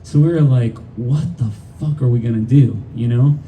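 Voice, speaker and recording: A man's voice: medium pitch, moderate pace, dark tone, slight background noise. A middle-aged man, a band's singer, telling a rambling, profane story with frequent laughs between songs on a live stage. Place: live music venue stage. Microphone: stage vocal mic recorded from the crowd. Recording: distant live audience recording with band.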